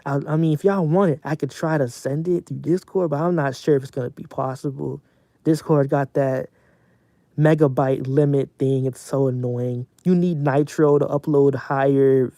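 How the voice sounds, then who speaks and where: A man's voice: medium pitch, mellow, dry recording. Man venting profanely on a livestream. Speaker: streamer. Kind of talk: casual livestream rant.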